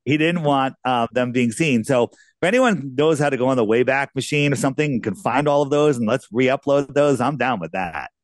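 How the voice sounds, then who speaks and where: A man's voice: mid-range voice, lively intonation, moderate pace, no room sound, clean studio sound. A man being interviewed as a guest, telling casual, rambling anecdotes with lots of restarts.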